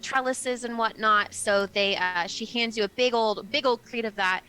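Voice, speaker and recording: A woman's voice: on the high side, moderate pace, bright, forceful tone, clear, resonant tone, low-quality recording. A woman narrating as game master in a casual, chatty way.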